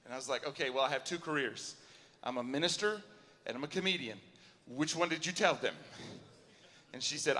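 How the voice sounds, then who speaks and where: A man in his forties doing a stand-up set in a large hall, his high, bright voice trailing a long reverb. He talks in a chatty, self-mocking way and keeps checking in with the crowd. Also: big pitch swings, moderate pace. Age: 40s. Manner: chatty, self-mocking, keeps asking the crowd "you know what I'm saying?". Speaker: stand-up comedian. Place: large auditorium at a live show. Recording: hall reverb from a live venue.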